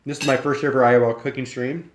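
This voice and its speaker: A man's voice: medium pitch, level tone, fast. Rambling young Midwestern man in an echoey kitchen. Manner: rambling, friendly, talks with mouth full. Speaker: streamer. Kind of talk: casual live-stream chat. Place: home kitchen.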